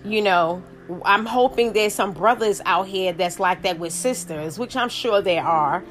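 A woman's voice: mid-range voice, a little slow, faint music behind. A middle-aged woman vlogging, telling a story in a rambling, emphatic way, full of asides and restarts. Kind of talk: casual storytelling monologue.

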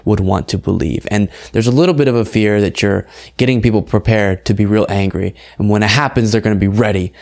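A man's voice: lowish voice, fairly even intonation, brisk, gravelly, few pauses, a little mellow. A young man hosting his own online political commentary show, talking casually and sounding incredulous, with frequent fillers. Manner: conversational, incredulous, with fillers and laughs.

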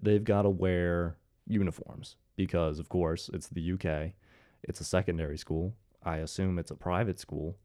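A man's voice: low voice, warm tone, no echo, studio quality. A young man from Ohio in his twenties, telling a story to his viewers in a casual way, with sarcastic asides. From Ohio, USA. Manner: jokey, sarcastic asides to the audience. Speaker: commentary host.

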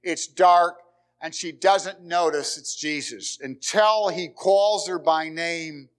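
A pastor preaching a conversational sermon in church, with dramatic pauses and repeated phrases. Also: male voice, a little high. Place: church sanctuary.

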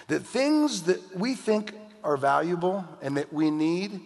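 A man's voice: on the high side, expressive, normal speed, creaky. A middle-aged American man preaching a sermon, mixing scripture with jokes and mock outbursts. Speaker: pastor. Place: church hall. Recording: long reverb of a hall.

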